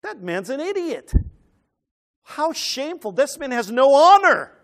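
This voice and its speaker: A man's voice: very high voice, sing-song, unhurried, a bit bright, voice pushed up, exaggerated voice. A man doing outraged, scandalized religious elders. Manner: outraged exclamations. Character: scandalized male religious leaders, indignant.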